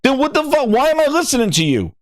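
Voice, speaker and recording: A man's voice: very high-pitched, big pitch swings, quick pace, no room sound, clean studio sound. A man hosting a gaming news channel, ranting in a heated way with swearing and repeated words. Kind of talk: ranting commentary.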